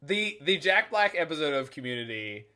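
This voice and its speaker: Chatty game streamer, male, slightly high and bright voice, rambling jokey banter. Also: sing-song, moderate pace, clear, resonant tone. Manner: chatty, rambling, lots of filler likes; jokey asides, laughs at his own remarks. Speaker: streamer playing an online card game. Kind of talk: casual live-stream commentary.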